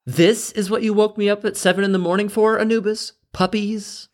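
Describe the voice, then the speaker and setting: A man voicing a young British goddess in an exaggerated fake Cockney accent, pitched high and theatrical. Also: fairly even intonation, normal speed, a little mellow, lightly acted. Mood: exasperated. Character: excitable young British goddess, bossy friend.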